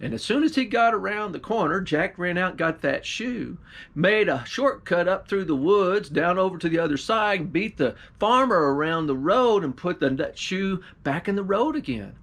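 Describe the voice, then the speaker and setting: Gravelly folksy man telling a tale. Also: high-pitched, animated, moderate pace, a bit bright. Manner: drawling rural storyteller, folksy grammar, voices the characters. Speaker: pastor telling a folktale. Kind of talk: folksy storytelling.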